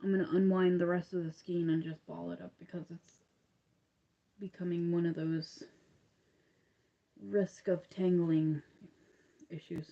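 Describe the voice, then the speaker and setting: A woman's voice: on the low side, level tone, unhurried, gravelly, pauses often, muffled recording. A young woman with an upstate New York accent, chatting casually and rambling while she crochets on a livestream. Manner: rambling, chatty, laughs often, many fillers.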